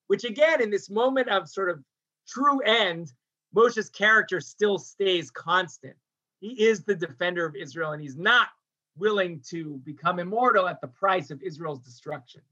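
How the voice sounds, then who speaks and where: A man gives a lecture on a religious text, animated and acting out its characters, with frequent restarts. His voice sits high and sounds bright and forceful. The recording is dull and lo-fi. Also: a little slow. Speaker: rabbi teaching a text.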